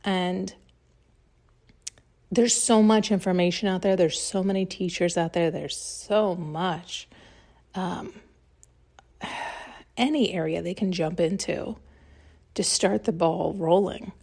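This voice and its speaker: A woman's voice: fairly low pitch, slow, creaky, long pauses, darkish tone. A woman hosting a podcast, giving a blunt, heated solo monologue during an intuitive reading and swearing freely. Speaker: podcast host.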